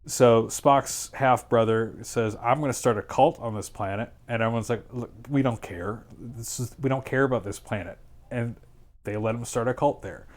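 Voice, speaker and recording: Male streamer host, mid-pitched, dry and sarcastic, loose rambling delivery. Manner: sarcastic, rambling plot retelling with quick quoted asides. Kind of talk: casual chat.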